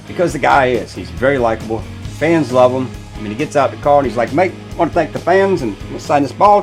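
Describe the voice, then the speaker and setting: A man hosting a racing show, talking casually and emphatically, with lots of fillers and restarts. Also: mid-range voice. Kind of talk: casual commentary video.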